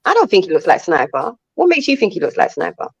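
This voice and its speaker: A woman's voice: lowish voice, huge pitch swings, fast talker, gravelly, breathy edge, no room sound, lo-fi sound. A woman on a live online panel, incredulous and questioning what the others say.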